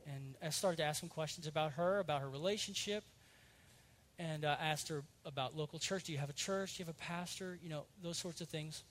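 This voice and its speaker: Middle-aged male pastor with a high voice, teaching a conversational sermon with lively asides. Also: fairly quick. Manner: earnest, conversational, with lively asides and self-corrections.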